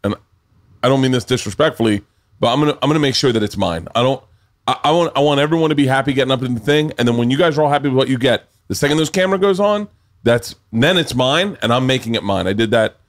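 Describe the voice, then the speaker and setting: A man's voice: medium pitch, expressive, fast. A man from the Southern US hosting a podcast, chatting in a rambling, enthusiastic way and swearing casually. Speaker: podcast host.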